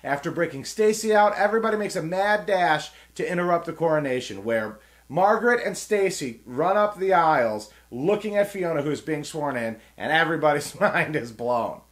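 A man hosting a casual film breakdown, retelling scenes with animated voices and frequent laughs. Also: on the high side, moderate pace. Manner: animated retelling, acts out characters, laughs often. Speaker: film review host.

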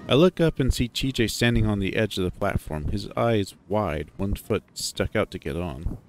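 Male storyteller, conversational first-person narration, low pitch, very expressive. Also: moderate pace, slight background noise.

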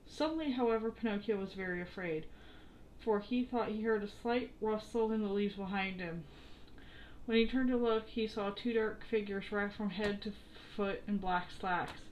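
A woman reads a children's story aloud in a steady, expressive narrating voice. Her pitch sits in a middle range. A faint hiss runs beneath the recording. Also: normal speed, poor audio. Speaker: storybook reader.

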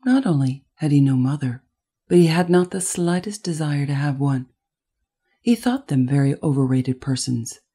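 A woman narrating a classic children's story in a gentle, expressive way. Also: sits low, moderate pace, husky. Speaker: audiobook narrator. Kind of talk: scripted narration.

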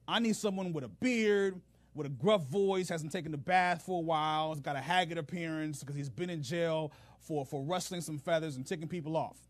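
A man's voice: fairly high pitch, brisk, no echo, close to an everyday voice. A man doing a laid-back, skeptical king. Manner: relaxed, slangy, skeptical. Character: laid-back, level-headed allied king, male.

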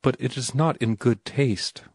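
A man's voice: mid-range voice, a little slow, husky, dry recording, clean studio sound. A man voicing a prim, reproachful young woman in an audiobook, earnest and disapproving in how she questions. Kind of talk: audiobook character reading.

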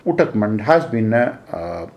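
A man's voice: on the low side, sing-song, a little slow, vocal fry, a little mellow. A man with an Indian English accent giving a lecture. He talks in repetitive phrasing with frequent "uh" and "eh" fillers. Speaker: geography teacher. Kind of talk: explanatory lecture.

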